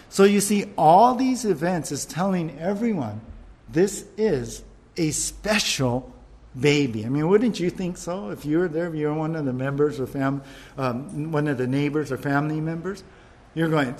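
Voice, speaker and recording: A man, a pastor, preaching a sermon in an animated storytelling way, with jokes and acted-out bits. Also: on the high side, normal speed.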